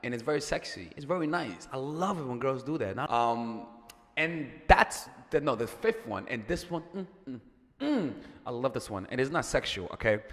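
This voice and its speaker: A man's voice: mid-range voice, sing-song, normal speed, a bit bright, big-room sound. A man giving casual dating advice as a coach, chatty and profane, repeating words and joking as he goes.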